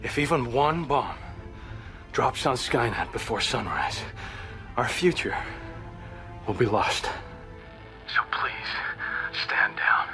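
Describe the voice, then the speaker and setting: An actor playing a grim male resistance leader in a film, speaking in a low gravelly half-whisper. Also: expressive, slow pace, long pauses, bright, forceful tone, soft background music, full character voice. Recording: film clip with score behind.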